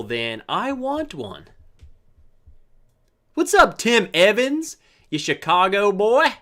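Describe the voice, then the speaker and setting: In a casual live chat, a host with a mid-range, fairly bright voice reads viewer comments, jokes, and says hello to people by name.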